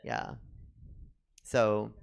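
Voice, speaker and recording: A man hosting a casual chat show in front of a studio audience, chatty and gossipy with quick asides. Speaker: host.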